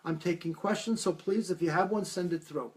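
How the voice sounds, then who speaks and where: Guy livestreaming as a medium, higher voice, acts out the people he quotes. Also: a little fast, a little mellow. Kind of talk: live-stream talk answering viewer questions.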